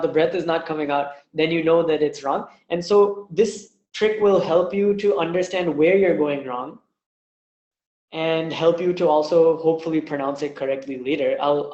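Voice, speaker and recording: A man teaching an online language lesson, patiently demonstrating each sound slowly. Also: on the high side, darkish tone, roomy sound, highs cut off. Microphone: webinar mic.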